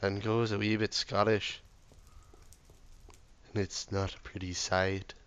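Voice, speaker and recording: A hoarse, ill man talking himself through a game, often muttering softly or near a whisper. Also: fairly low pitch, little pitch movement, slow pace. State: hoarse from illness. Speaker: gameplay video maker. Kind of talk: relaxed gameplay commentary.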